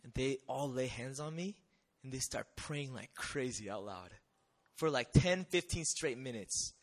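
A young missionary speaker with a mid-range voice takes his time telling an audience his testimony. The tone is animated and conversational, with rhetorical questions used to check in.

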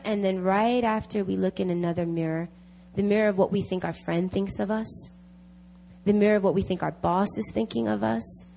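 A woman's voice: medium pitch, creaky, darkish tone, a little hiss or hum. A woman giving an emphatic sermon at a prayer meeting, repeating key phrases to drive them home. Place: church meeting.

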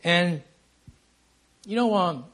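A man's voice: high-pitched, lively intonation, extremely slow, a bit bright. A man preaching at a prayer meeting, emphatic and repeating his lines as he calls for "amen" from the listeners. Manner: stumbles and restarts phrases in bursts of feeling. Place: church service.

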